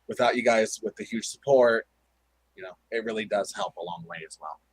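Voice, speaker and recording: A man's voice: fairly low pitch, fairly quick. A man chatting casually on a stream, trading teasing banter with the others. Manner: teasing, mock-indignant banter. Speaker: stream co-host. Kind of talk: casual chat.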